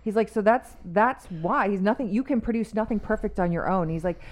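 A woman on a faith talk show, retelling a story in casual chat and acting out the quoted lines with lively emphasis. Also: medium pitch, a little fast. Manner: animated storyteller who acts out quotes.

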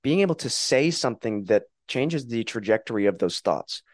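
A man speaking calmly and earnestly in a reflective conversation, sometimes acting out inner voices. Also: medium pitch, normal speed, no room sound, clean studio sound. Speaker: podcast guest.

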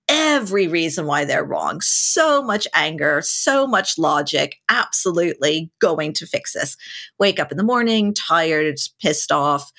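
A woman in her forties, a podcast guest, telling a candid story and acting out her own past thoughts with big swings in her voice. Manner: animated, acts out her own past thoughts with big pitch leaps and swearing.

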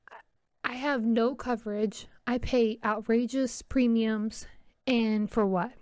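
A woman's voice: on the high side, steady tone, slow, darkish tone, smooth, no echo, studio quality. A tired woman venting in a casual rambling monologue, exasperated and wryly mocking herself. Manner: exasperated, venting with wry self-mocking laughs. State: tired and itchy. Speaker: mother talking to camera.

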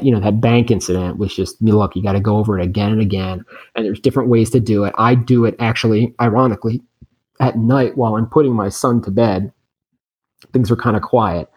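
A man in his thirties, a podcast guest in recovery, tells a story in a casual, animated, emphatic way. His voice is fairly low and husky.

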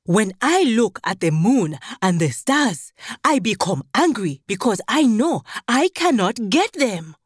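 A sulky, angry storybook king, put on by a woman narrator. He whines and shouts with big swoops in pitch and drawn-out refusals. The voice stays close and dry, with soft music behind. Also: very animated, husky, no echo. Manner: shouting, petulant. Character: grumpy, angry rich old king.

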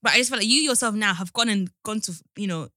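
A young woman co-hosting a podcast in casual chat, with a laid-back, drawn-out delivery. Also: mid-range voice, sharp tone, no echo, clean studio sound. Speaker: podcast co-host.

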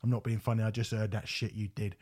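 A man voicing a loud, sweary East End gangster music manager with a swaggering, bossy manner and an East End London accent. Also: lowish voice, little pitch movement, quick pace, slightly rough. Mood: scornful.

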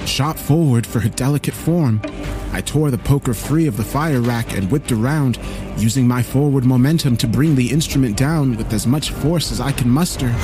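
A man narrating a horror story in a slow, grave storytelling manner. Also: medium pitch.

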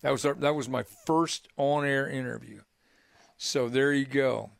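A man's voice: mid-range voice, steady tone, unhurried, creaky, no room sound. An older man hosting a sports radio show, telling long rambling anecdotes with many restarts and "right?" tags. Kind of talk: casual radio storytelling. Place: radio studio.

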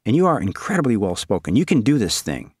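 A man voicing a gentle, encouraging middle-aged stepfather in a storybook reading. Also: lowish voice, sing-song, fast, breathy edge, dry recording, clean studio sound. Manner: warm and reassuring.

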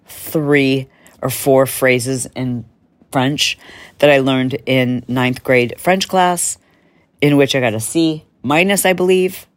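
Chatty low-voiced woman host. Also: no echo. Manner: chatty, enthusiastic, self-mocking. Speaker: podcast host. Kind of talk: casual chat.

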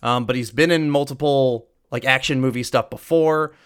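A man's voice: mid-range voice, a bit bright, clean tone. A man co-hosting a podcast, talking eagerly about movie casting and swearing freely. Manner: enthusiastic, swears freely, quick asides. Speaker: podcast co-host. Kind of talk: casual movie-recasting chat.

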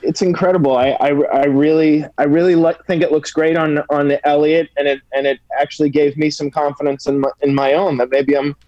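A man, a comedian guest, talking in a halting, self-deprecating way with stammered restarts. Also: a little high, flat delivery, no echo, lo-fi sound. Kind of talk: casual interview chat.

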